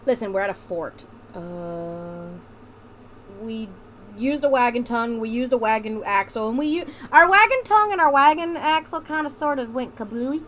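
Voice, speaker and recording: A young woman plays a game with a partner, her voice high and light. She jokes constantly, laughs a lot and leans into a mock folksy drawl. A faint hiss sits under the recording. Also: expressive, moderate pace, a bit bright. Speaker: gamer playing with a partner. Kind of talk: playful let's-play banter in a put-on accent.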